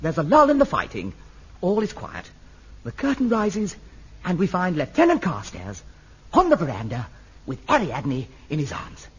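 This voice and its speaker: An actor playing a fussy, effusive amateur-drama director with a husky voice. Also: male voice, a little high, wildly swooping pitch, normal speed, heavily acted. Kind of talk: sitcom acting. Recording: dull lo-fi old TV recording.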